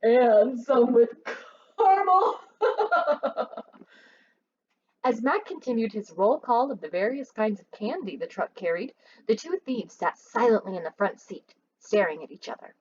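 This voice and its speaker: A woman's voice: medium pitch, big pitch swings, moderate pace, darkish tone, dull audio, slight background noise. A woman teacher reading a children's book aloud expressively and asking her listeners questions.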